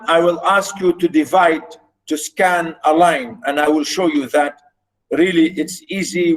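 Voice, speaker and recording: Slow, halting male lecturer. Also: a little high, poor audio. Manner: slow, halting delivery with frequent fillers, chanting rhythms aloud. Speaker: literature lecturer. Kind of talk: university lecture.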